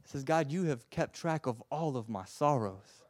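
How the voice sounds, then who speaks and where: A man preaching a sermon with passion, swinging from loud urging to a soft hush and often stammering and repeating words. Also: mid-range voice, expressive, unhurried, dry recording.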